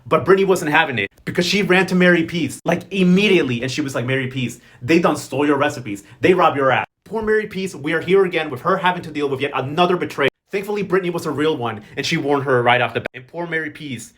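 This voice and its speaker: A man doing a sassy, slang-heavy recap of a soap opera, mocking the characters in quick asides. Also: a little high, expressive, a bit bright. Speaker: novela recap host.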